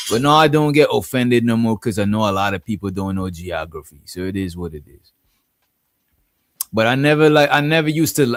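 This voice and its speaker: A man's voice: medium pitch, no echo, clean studio sound. A man hosting a casual live stream, rambling and often adding "you know what I'm saying". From Guyana. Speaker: streamer host.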